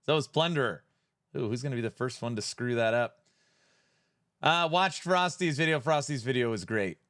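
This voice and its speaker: A man's voice: medium pitch, lively intonation, normal speed, fairly bright tone, no echo, studio quality. A man hosting a live stream in a playful, jokey way, greeting viewers by name as he reads the chat.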